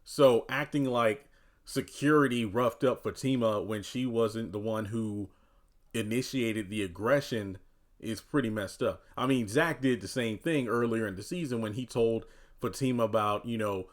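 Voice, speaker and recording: A man's voice: lowish voice, moderate pace. Chatty man doing TV show commentary. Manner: chatty, loose, with frequent "you know" and "uh"; animated voicing of quoted characters. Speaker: TV recap commentator. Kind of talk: casual commentary.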